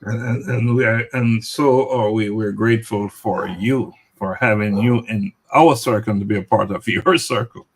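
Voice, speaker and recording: A man's voice: lowish voice, fairly even intonation, moderate pace, hardly any pauses, rough recording. Affirming man answering on a panel. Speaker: co-host. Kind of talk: panel conversation.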